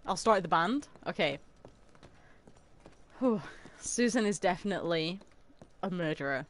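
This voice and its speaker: A young adult woman streaming a video game in casual chat, excitable and dramatic, often gasping and laughing. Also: lowish voice, unhurried, long pauses, dry recording.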